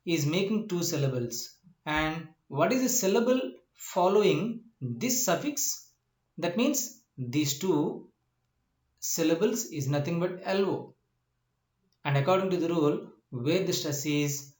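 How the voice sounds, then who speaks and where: A man lectures at an unhurried pace, spelling words letter by letter and pausing often. His voice sits a little high. The room has a noticeable echo. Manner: slow, spells out letters, frequent uh fillers. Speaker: English teacher. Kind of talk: slide lecture on word stress.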